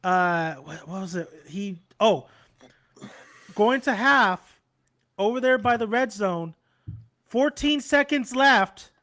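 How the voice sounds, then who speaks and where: A man's voice: sits high, animated, slow pace, long pauses, a bit bright. A young man hosting a casual chat about football, rambling, laughing and swearing freely. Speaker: channel host.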